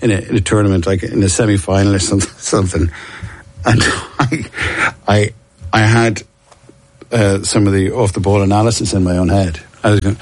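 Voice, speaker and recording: A middle-aged man with a Dublin accent, telling stories in a fairly low voice as a guest on a casual interview. He rambles, restarts his sentences and laughs at himself. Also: steady tone, normal speed. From Ireland. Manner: rambling, self-deprecating, frequent restarts and laughs.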